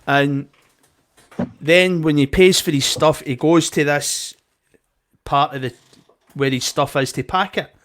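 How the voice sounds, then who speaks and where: A young Scottish man with a slightly higher voice tells a story in casual podcast chat. He gets animated, swears freely and acts out every side of the row himself. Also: takes it slowly, long pauses. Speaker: podcast co-host.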